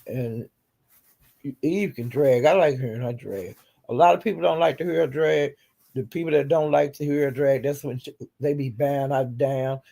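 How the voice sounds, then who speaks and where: A man's voice: mid-range voice, normal speed, vocal fry, warm tone. A man hosting a casual chat, bluntly retelling online drama in a chatty, gossiping way. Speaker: host recapping livestream drama.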